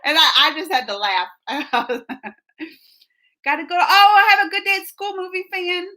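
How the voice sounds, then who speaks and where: A woman's voice: very high-pitched, big pitch swings, normal speed, bright, forceful tone. A woman streamer chatting casually with her viewers, reading chat comments aloud and laughing often.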